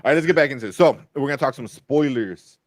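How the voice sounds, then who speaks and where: A man talks through a movie review on his podcast, rambling and laughing often. His voice sits at a middle pitch. The sound is dry and close, with no room around it. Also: quick pace, no echo. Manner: laughing, rambling with many fillers. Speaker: podcast host. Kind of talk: casual chat.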